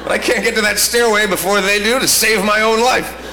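A man's voice: high-pitched, fairly even intonation, brisk, sharp tone. A male stand-up comedian telling an exasperated, ranting bit in a live comedy routine. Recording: roomy live club recording with crowd.

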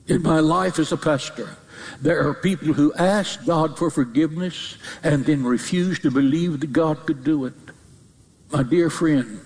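A man preaching a sermon as a pastor, emphatic, with repeated phrases and sudden high cries. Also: unhurried, darkish tone. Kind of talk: fiery sermon. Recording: long hall reverb.

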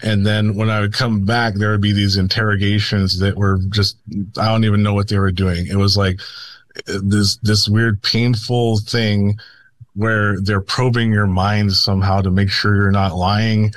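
A man's voice: lowish voice, flat delivery, normal speed, dry recording. A man speaking as a radio guest, rambling with many restarts and nervous laughs. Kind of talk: radio interview talk.

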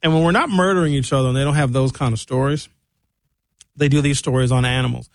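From a dry studio with no room sound, a man hosts a talk radio show, ranting through an opinionated monologue at a fast pace and in a steady tone. He mocks people by putting on high comic voices.

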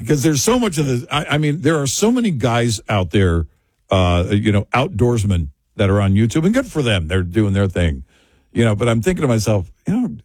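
Lower voiced radio guy, dry studio mic, rambling joky stories with lots of laughing. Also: dry recording. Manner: rambling, joking, laughs often. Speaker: radio talk show co-host. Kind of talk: casual talk radio chat.

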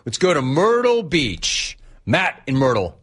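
A male talk radio host with a husky edge to his voice, talking at an ordinary pitch for a man. He riffs on his callers with energy and playful exasperation. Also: measured pace. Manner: energetic, riffing, mock-exasperated.

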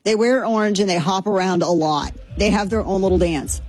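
A woman's voice: mid-range voice, a little fast, darkish tone, slightly rough, no room sound. A woman hosting a commentary show, talking in a chatty, sarcastic, rambling way. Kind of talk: opinionated political commentary.

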